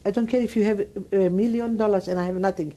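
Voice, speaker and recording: A woman in her nineties from Greece, a Holocaust survivor, speaks broken English with a Greek accent in an oral history interview. She is emphatic and repetitive. Her mid-range voice keeps a steady, dark tone at a quick pace.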